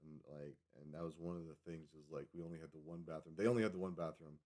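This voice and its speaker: A man's voice: rumbling low, fairly even intonation, fast, darkish tone. A man livestreaming, rambling casually as he reads a web page aloud and stumbles over foreign names. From Colorado. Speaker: livestream host.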